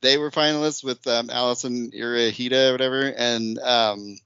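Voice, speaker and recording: A man's voice: mid-range voice, steady tone, normal speed, sharp tone, clear, resonant tone, no room sound. A man hosting a quiz game on a casual podcast, chatty and sassy, laughing often. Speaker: quiz host. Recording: dull lo-fi audio.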